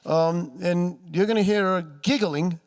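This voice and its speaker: Speaking unhurriedly in a voice that sits high, a paranormal author and speaker entertains a festival room audience with ghost stories, chatting along and voicing the characters he quotes.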